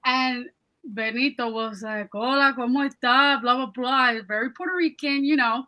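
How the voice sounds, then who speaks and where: A woman with a bright, fairly high voice chats on a podcast. She tells a story with lots of energy and swears freely. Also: moderate pace, low-quality recording. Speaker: podcast co-host. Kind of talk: casual chat.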